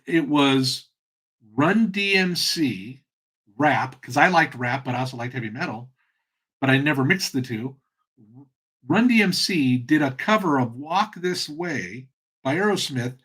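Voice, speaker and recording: A man's voice: on the high side, fairly bright tone. A middle-aged man hosting his own channel, talking in a loose, rambling, conversational way. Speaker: channel host. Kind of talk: casual monologue.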